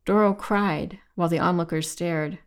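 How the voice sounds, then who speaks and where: A woman reading a novel aloud as narrator, in a measured, evenly paced delivery. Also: on the low side, steady tone, clear, resonant tone. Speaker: audiobook narrator. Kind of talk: scripted narration.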